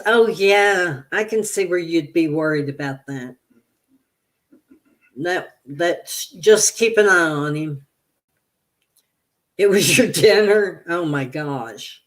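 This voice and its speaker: Slow-talking woman chatting on a livestream. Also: lowish voice. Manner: chatty, reads viewer comments aloud and answers them; slow, meandering storytelling. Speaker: tarot reader on a livestream. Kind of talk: casual livestream chat.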